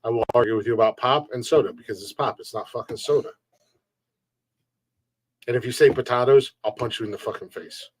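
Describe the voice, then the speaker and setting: A man's voice: medium pitch, a little fast, pauses often, husky. A man hosting a casual live-stream podcast, ranting bluntly and jokingly with plenty of swearing and frequent laughter. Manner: blunt, profane, joking rants; laughs often between remarks. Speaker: podcast host reading chat.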